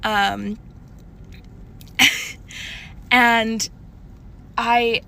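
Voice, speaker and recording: A woman in her twenties telling a casual storytime, chatty and animated, full of likes and restarts. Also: extremely slow, vocal fry. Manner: animated, shifting pitch often.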